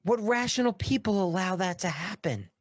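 A man's voice: high voice, expressive, normal speed, no room sound, clean studio sound. Indignant male political commentator. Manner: emphatic, indignant, repeats words for emphasis.

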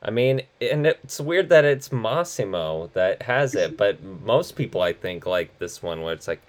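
Laid-back man with a lively, swinging voice. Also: lowish voice, unhurried. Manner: laid-back, laughs often, swears casually. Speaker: podcast co-host. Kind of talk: casual movie review chat.

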